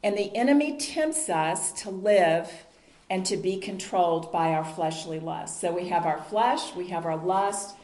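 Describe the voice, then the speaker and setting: A woman's voice: lowish voice, a little slow, a little mellow. A woman teaching a Bible study group in an earnest, conversational sermon style, asking the group questions. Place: meeting room with a group. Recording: roomy echo.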